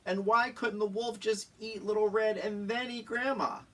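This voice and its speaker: An actor playing a blustering pirate captain in a cartoon, with gruff pirate talk and loud exclamations. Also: male voice, high voice, steady tone, normal speed, far from the mic. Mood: indignant. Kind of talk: cartoon voice acting.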